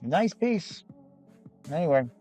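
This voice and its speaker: A hoarse man, losing his voice, hosts a live gem and fossil sales show in a rambling, chatty way with frequent restarts. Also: fairly high pitch, very animated, slow, dark tone, faint music behind. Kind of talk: casual live-stream sales chat.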